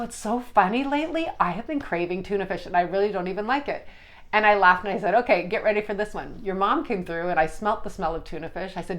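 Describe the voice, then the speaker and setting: A woman hosting her own show, telling personal stories in an earnest, chatty way, acting out the dialogue as she goes. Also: fairly low pitch. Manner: chatty, earnest, lively retelling with restarts and quoted dialogue. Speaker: podcast host and Reiki practitioner. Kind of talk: casual storytelling monologue.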